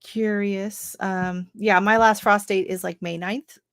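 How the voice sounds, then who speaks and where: A woman's voice: medium pitch, fairly even intonation, takes it slowly, a bit bright, dry recording, studio quality. A middle-aged Canadian woman with a Canadian accent, hosting a casual gardening livestream and reading out viewer comments, chatty and rambling with frequent laughs and fillers.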